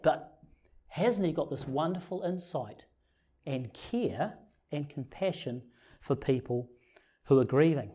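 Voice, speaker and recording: A man's voice: a little high, breathy edge. A man preaching a sermon in a conversational way, often putting rhetorical questions to his congregation. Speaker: pastor.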